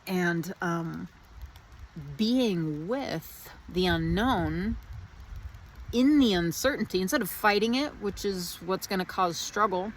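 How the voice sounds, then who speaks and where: A woman's voice: lowish voice, animated, slow pace, a little hiss or hum. A woman vlogging outdoors in the rain, musing in a meandering, reflective way with many restarts. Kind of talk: casual spiritual reflection.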